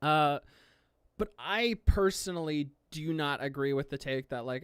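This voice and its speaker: A smooth, resonant streamer talks in a casual live-stream chat, getting excitable and gushing, near tears with emotion. The voice dips into low mumbles and jumps to high squeals. The sound is dry and close, with no room echo. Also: normal speed. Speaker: streamer reacting to an anime.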